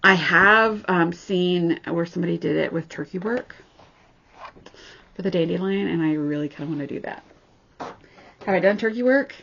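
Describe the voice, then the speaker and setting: A woman's voice: on the low side, normal speed, creaky, long pauses, a bit bright, a little hiss or hum. A woman showing her cross-stitch patterns in a casual vlog, gushing and chatty with snarky asides. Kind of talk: casual show-and-tell chat. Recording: slightly dull lo-fi sound.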